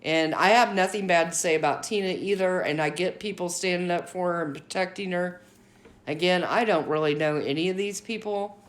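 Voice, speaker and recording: A woman's voice: on the low side, brisk. A woman hosting her own commentary vlog, giving blunt, outspoken opinions in a casual talking style. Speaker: commentary channel host.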